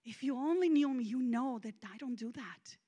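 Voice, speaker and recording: A woman voicing God as a calm, gentle male figure who speaks quietly and soberly. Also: high-pitched. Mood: gentle, sobering. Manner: soft, measured, sobering.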